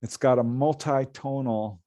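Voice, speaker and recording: A middle-aged man, a guest on an interview show, telling a story in an animated way and laughing often as he goes. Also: mid-range voice, unhurried, dry recording, studio quality. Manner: lively, laughs often while telling a tale. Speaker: guest, paranormal author.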